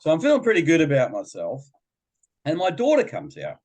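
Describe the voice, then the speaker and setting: A middle-aged man, a behaviour coach appearing as a podcast guest, tells a chatty personal story in a casual chat and acts out other people's voices. His voice is on the high side and darkish, with huge pitch swings at normal speed.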